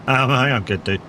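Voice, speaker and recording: A man's voice: medium pitch, background noise. A man streaming a farming game live, chatting casually with viewers, laid-back and swearing freely. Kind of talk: casual live gameplay chat.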